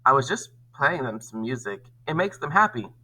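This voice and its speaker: Read-aloud storybook part: man voicing a shy, soft-spoken pet-shop clerk, bright tone, lively lilt. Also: mid-range voice, normal speed, heavily acted, rough recording. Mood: gentle. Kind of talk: reading a children's novel aloud.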